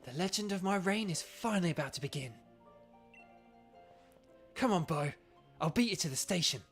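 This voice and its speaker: A man's voice: high voice, moderate pace, vocal fry, faint music behind, voice pushed up, exaggerated voice. A man doing an eager, cocky teen boy. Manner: energetic, boastful. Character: eager teenage boy rival, brash and excitable.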